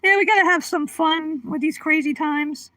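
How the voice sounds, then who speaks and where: A woman's voice: high voice, steady tone, normal speed, sharp tone, no room sound, poor audio. A woman hosting a casual livestream, chatting with viewers by name and giggling often. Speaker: livestream host. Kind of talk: casual live-stream chat.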